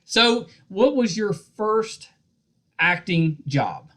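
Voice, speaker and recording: Man, West Virginia accent, podcast host, casual, joking, slightly high voice. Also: sing-song, extremely slow. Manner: easygoing, joking, trails off softly at ends of phrases. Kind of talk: casual interview.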